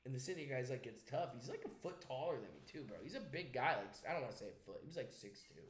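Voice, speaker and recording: A young man with an Italian-American accent, a podcast host telling a story in casual chat, profane and animated, slipping into voices. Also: medium pitch, fast talker. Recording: echoey room.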